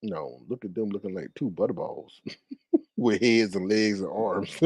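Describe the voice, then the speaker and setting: A man's voice: lowish voice, a little slow, a little mellow, slightly rough, dry recording. A man hosting a casual livestream gossip show, chatting and laughing as he talks straight to his viewers. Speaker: YouTube commentary host.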